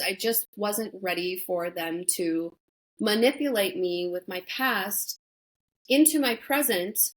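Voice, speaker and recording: A young woman speaking frankly as an interview guest, her voice sitting at an ordinary middle pitch. She talks bluntly and swears freely, and her sentences run on with casual fillers. She keeps a conversational tone throughout. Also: takes it slowly, rough recording. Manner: conversational, many "like" and "you know" fillers. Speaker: interview guest, former reality show contestant. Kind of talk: candid sit-down interview.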